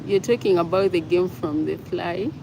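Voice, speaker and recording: A woman's voice: lowish voice, moderate pace, muffled recording, noisy background. A woman hosting a casual livestream, chatting with viewers and reading their comments aloud. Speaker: livestream host.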